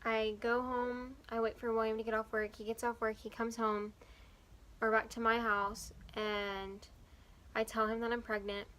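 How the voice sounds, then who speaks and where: A woman's voice: fairly high pitch, flat delivery, normal speed, a bit bright, poor audio. A young woman vlogger earnestly telling a personal story, rambling along with fillers.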